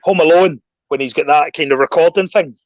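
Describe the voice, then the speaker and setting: A Scottish man telling stories in a casual chat, getting animated and raising his voice when he rants. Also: fairly high pitch, fairly quick, dry recording, highs cut off. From Scotland. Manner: animated storyteller, voice jumps up when ranting. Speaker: guest.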